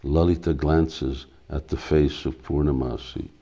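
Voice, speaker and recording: Slow gravelly-voiced man reading a play. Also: extremely low pitch, steady tone, warm tone. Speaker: spiritual teacher. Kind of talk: reading a devotional play aloud.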